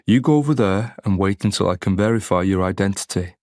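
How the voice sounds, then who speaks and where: A man's voice: deep voice, fast, darkish tone, dry recording, clean studio sound. A man doing a stern, menacing army corporal. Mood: curt, menacing. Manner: curt and commanding.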